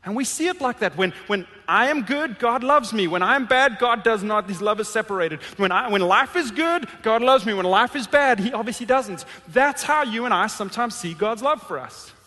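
A man preaching a sermon, emphatic, swinging from loud, raised lines down to hushed, quiet ones. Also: high-pitched, expressive, moderate pace, few pauses. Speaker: pastor. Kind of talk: sermon with object lesson. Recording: long hall reverb.

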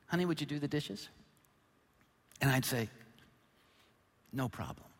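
A middle-aged male pastor preaching a sermon, joking about himself and then hitting points with sudden loud emphasis. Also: medium pitch. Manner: humorous, self-deprecating storytelling with sudden loud emphasis. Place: large church hall. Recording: long hall reverb.

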